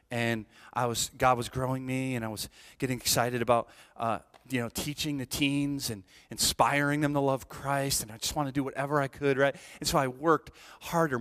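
Around forty, a senior pastor preaches a sermon earnestly, often restarting and repeating words while asking the congregation "right?" His voice is medium in pitch and a bit bright.

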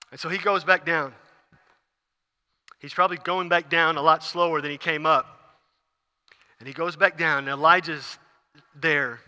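A male pastor preaching a sermon, telling a Bible story in an animated way and acting out its scenes. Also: high-pitched. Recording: long reverb of a large hall.

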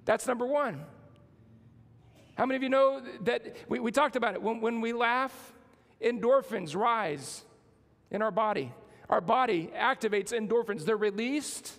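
A man's voice: high-pitched, expressive, moderate pace, big-room sound. A man preaching a sermon as pastor, building emphasis and calling on the congregation to respond.

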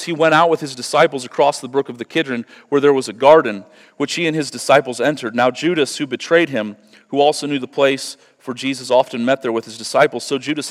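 A man preaching a sermon as pastor, moving from quiet teaching to loud, fervent delivery. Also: mid-range voice. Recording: long hall reverb.

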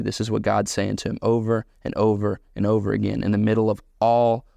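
A man's voice: fairly low pitch, monotone, a little fast, vocal fry, mellow, no room sound. A man preaching a sermon as pastor, emphatic and repetitive, pressing his points home again and again.

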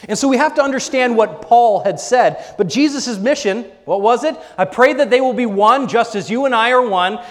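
A man preaching a sermon, acting out the story as he goes and swinging between bold exclaiming and a hushed near-whisper. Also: very high-pitched, normal speed, hardly any pauses. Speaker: pastor. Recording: long hall reverb.

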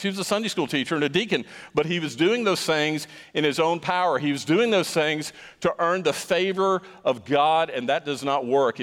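A man's voice: on the high side, fairly bright tone, long reverb tail. A man preaching a sermon as pastor, emphatic and stressing points by repeating words.

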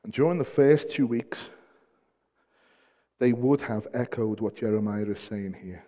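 A man's voice: medium pitch, unhurried. Man preaching in a reverberant hall. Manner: swings between soft hushed passages and loud emphatic peaks, repeats key phrases. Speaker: pastor. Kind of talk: sermon.

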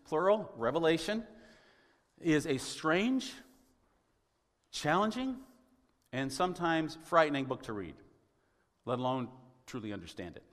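Man, pastor, sermon, slightly high voice, wry conversational delivery, throat clearing, long reverb. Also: fairly bright tone. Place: church sanctuary.

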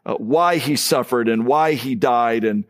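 A man's voice: mid-range voice, measured pace. Male pastor, mid-range voice, earnest sermon delivery, casual fillers. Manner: earnest preaching with fillers and restarts.

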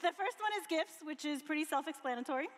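A woman co-hosting a casual chat, laughing easily and explaining things quickly. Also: high voice, lively intonation. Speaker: co-host. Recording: long hall reverb.

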